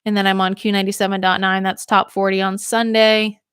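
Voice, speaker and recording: A woman's voice: mid-range voice, flat delivery, brisk, a bit bright, clear, resonant tone, no echo, clean studio sound. A young woman from Maine, a radio DJ, rambling casually on a livestream while a little tipsy from drinking. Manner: chatty and rambling, laughs often.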